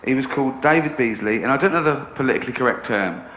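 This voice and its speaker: A man's voice: mid-range voice, animated, very fast, fairly bright tone. English man telling a comic story. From England. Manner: laughs through his stories. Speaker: comedian. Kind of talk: stand-up storytelling. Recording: echoey room with background noise.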